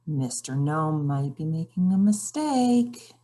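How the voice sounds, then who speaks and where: A woman's voice: lowish voice, animated, a little slow, darkish tone, breathy edge. A woman reading a children's picture book aloud, expressively questioning the characters. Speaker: read-aloud storyteller.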